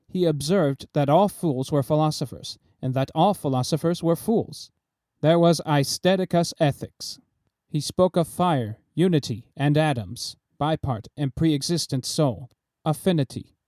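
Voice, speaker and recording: A man narrating a classic short story in a measured, lightly theatrical way. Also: on the high side, warm tone, dry recording, studio quality. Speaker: audiobook narrator.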